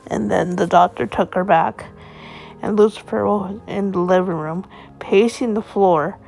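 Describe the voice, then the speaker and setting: A woman's voice: mid-range voice, unhurried, vocal fry, darkish tone. A woman casually narrating an improvised story in a rambling, home-made way.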